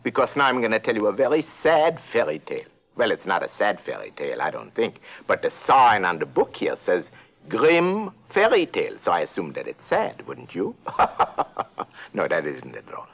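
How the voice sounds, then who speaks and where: A man's voice: on the low side, huge pitch swings, moderate pace, creaky, fairly bright tone, full character voice. An actor playing an eccentric old male duck professor, rambling and giggling as he tells a storybook tale. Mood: playful. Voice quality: giggly, rambling, self-correcting. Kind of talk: storybook narration for a talking toy.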